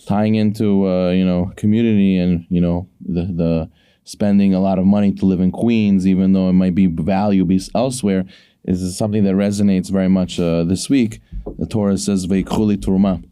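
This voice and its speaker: Low mellow-voiced man giving a Torah lesson. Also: fairly even intonation, normal speed, clear, resonant tone, no echo, clean studio sound. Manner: preachy, storytelling, acts out quotes. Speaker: co-host. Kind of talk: casual sports talk, giving a short Torah lesson.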